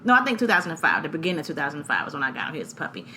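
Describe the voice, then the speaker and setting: Animated woman telling a story, bright tone. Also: fairly low pitch, rapid-fire, slight background noise. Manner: animated, acts out voices, laughs often. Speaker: podcast co-host. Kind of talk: casual storytelling chat.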